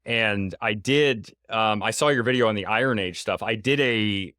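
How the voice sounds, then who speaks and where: A man's voice: lowish voice, moderate pace, pushed and bright, smooth, no echo, clean studio sound. A young man from the United States hosting a podcast, talking casually with many fillers and hesitations. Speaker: podcast host. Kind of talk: casual interview chat.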